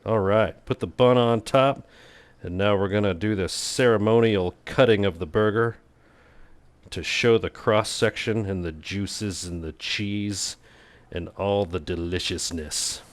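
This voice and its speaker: A man's voice: lowish voice, steady tone, unhurried, no room sound. A man hosting a casual cooking video, talking in a playful, goofy way with self-mocking jokes. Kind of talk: casual cooking vlog narration.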